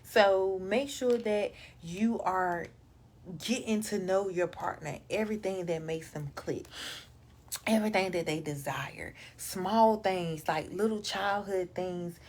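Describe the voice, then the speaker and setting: A woman coaching on relationships in a casual monologue, direct and emphatic, talking in relaxed vernacular grammar. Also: medium pitch, slow pace. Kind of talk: casual advice monologue to camera.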